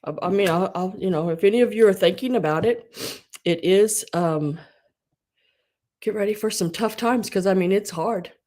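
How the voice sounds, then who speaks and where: A woman hosting an online live sale, tearful and crying, talking haltingly and often dropping to a whisper. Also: medium pitch, darkish tone. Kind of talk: emotional live-stream chat.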